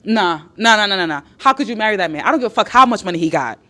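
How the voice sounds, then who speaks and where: A woman's voice: mid-range voice, expressive, very fast, a bit bright. Woman live-streamer, chatty and blunt, swears freely, repeats herself for emphasis. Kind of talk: live-stream chat reading viewer comments.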